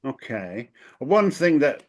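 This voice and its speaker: A man's voice: medium pitch, very animated, slow pace. A man from the south of England hosting a casual interview, asking short follow-up questions. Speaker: language coach host.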